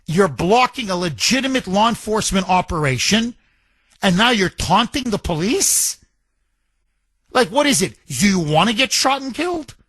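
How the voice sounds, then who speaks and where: A man's voice: high-pitched, sing-song, moderate pace, a bit bright, slightly rough. A middle-aged man hosting a talk radio show, delivering an emphatic, indignant monologue with lots of repetition.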